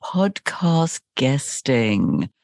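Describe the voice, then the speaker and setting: A woman's voice: extremely low pitch, sing-song, extremely slow, creaky, darkish tone, dry recording. Woman, podcast host, enthusiastic, polished delivery, dry close sound. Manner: enthusiastic, scripted-sounding intro. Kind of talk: interview.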